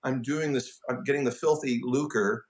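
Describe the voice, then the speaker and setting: A middle-aged man, a composer, telling stories in a casual interview, self-deprecating and halting, with many restarts. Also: mid-range voice, fairly even intonation. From Canada. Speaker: film and TV composer, guest.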